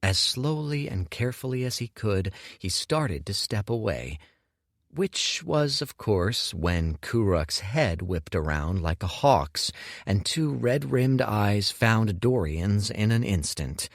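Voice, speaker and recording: A man reading an audiobook in measured scripted narration. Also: on the low side, very animated, dry recording, clean studio sound.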